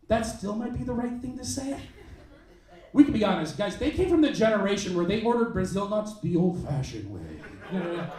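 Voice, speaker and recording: Stand-up comic, male, high lively delivery, acts out bits; roomy club sound. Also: recorded from a distance. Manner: animated, acts out characters in quick bits. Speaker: stand-up comedian. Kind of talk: stand-up comedy set. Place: comedy club stage. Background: audience laughter.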